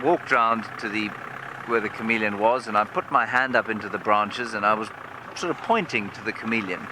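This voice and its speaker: A man working as a safari guide, telling a humorous story live from a game drive vehicle outdoors. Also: medium pitch. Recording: vehicle engine noise outdoors.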